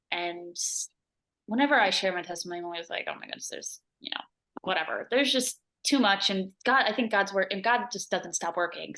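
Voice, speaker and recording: A woman sharing a personal story in a casual interview, animated and acting out what others said. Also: lowish voice. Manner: animated, acts out quoted voices, laughs often. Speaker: mission trip member.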